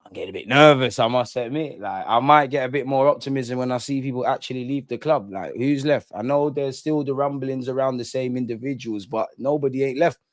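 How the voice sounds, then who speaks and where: Young guy streaming football banter, dry close mic, gets loud teasing rivals. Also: mid-range voice, brisk, few pauses, no echo. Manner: animated banter, reads chat aloud, mocks rivals. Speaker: football fan channel host. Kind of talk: live-stream reaction chat.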